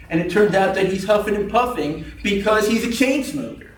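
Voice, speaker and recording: A man delivering a comic club speech, wry and storytelling, his voice sitting a little high for a man. He is recorded from a distance in an echoey meeting room, with faint background noise. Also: lively intonation, a little fast. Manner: wry storytelling, acts out quoted people. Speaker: club speaker. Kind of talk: humorous prepared speech.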